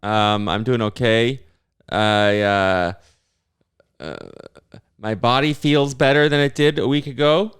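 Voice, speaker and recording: A man in his late thirties co-hosting a comedy podcast, trading deadpan absurd bits in casual chat. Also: mid-range voice, slow pace, smooth. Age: 30s. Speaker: co-host.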